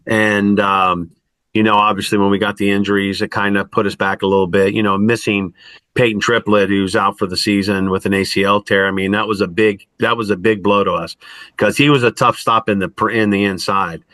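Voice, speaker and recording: A middle-aged man, a college basketball coach, answers questions in a halting, stop-start way, leaning on "I mean" and "you know". His voice sits a little low but has a bright, forceful edge. The sound is dry and close. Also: flat delivery, no echo. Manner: halting, many restarts and fillers like "I mean". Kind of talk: post-game style interview answers.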